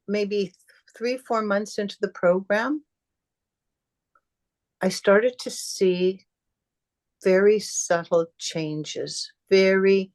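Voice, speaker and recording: A middle-aged woman, a podcast guest, telling her story in a casual, animated way and acting out remembered conversations. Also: mid-range voice. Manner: animated, acts out quoted dialogue.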